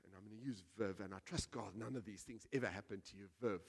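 A man preaching a sermon as pastor, telling a story with big swings between hushed and loud delivery. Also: fairly low pitch, fast, gravelly. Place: church hall. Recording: reverberant church hall.

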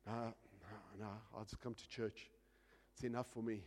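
A preacher voicing a reluctant male churchgoer who grumbles low excuses for not reading the Bible. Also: level tone, normal speed, darkish tone, in a large hall, natural voice. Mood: grumbling.

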